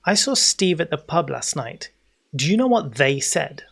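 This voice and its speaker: A man in his forties with an English accent, chatting casually while livestreaming a game, rambling on and breaking into excited greetings for viewers. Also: a little high, moderate pace, gravelly. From England. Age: 40s. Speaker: game streamer.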